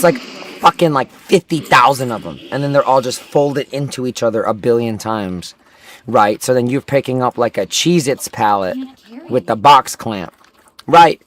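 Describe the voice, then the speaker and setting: A man's voice: mid-range voice, fairly bright tone, slight background noise. Profane rambling young man streamer. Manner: profane, rambling, with lots of filler words. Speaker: livestreamer. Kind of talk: rambling storytelling while gaming.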